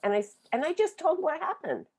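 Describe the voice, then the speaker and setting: A woman in her seventies from Oklahoma, telling her life story as a book author on a webinar in an earnest, reflective way, pausing and restarting often. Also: high-pitched, very animated. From Oklahoma, USA. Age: 70s. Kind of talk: personal storytelling. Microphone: video call.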